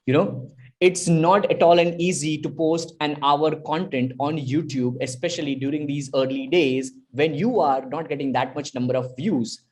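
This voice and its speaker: A man from India, a podcast guest, telling stories in an emphatic, animated way over a video call. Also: fairly high pitch. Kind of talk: casual podcast storytelling.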